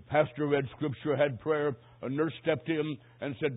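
Male preacher, husky, fairly high voice, dramatic sermon delivery, tinny lo-fi recording. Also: fairly even intonation, measured pace. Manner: dramatic storytelling, swinging from hushed to shouting.

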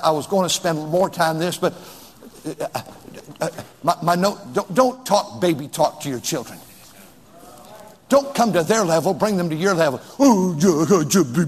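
A male preacher delivers a sermon, reading scripture and hammering home repeated exhortations. His voice sits high and husky. Every line rings out with long church reverb. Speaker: pastor.

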